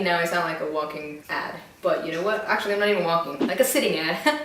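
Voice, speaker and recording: A woman's voice: lowish voice, fast, fairly bright tone, recorded from a distance, slight background noise. A young woman chatting casually in a rambling, self-mocking way while reviewing drinks. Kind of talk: casual chat. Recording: very echoey room, away from the mic.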